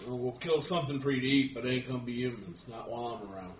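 A man speaking in character during a tabletop game in a gruff, plain-spoken, folksy way. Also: mid-range voice, rapid-fire, recorded from a distance. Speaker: player. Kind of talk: in-character tabletop role-play. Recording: echoey room, away from the mic, background noise.

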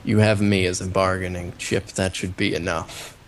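A man voicing a wounded, steady male warrior in a tabletop game, calm and speaking through gritted teeth. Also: low voice, normal speed, slight background noise.

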